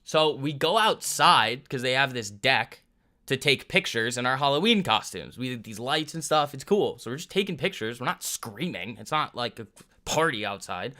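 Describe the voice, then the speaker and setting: A young man with a mid-range voice hosts a livestream about trading and tells a rambling, animated story at a moderate pace. He often breaks off mid-thought and laughs as he goes.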